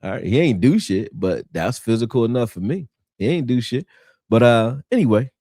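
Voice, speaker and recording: A man hosting a casual live football film breakdown, talking in an animated, argumentative way and answering people in the chat. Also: on the low side, brisk, dry recording, clean studio sound.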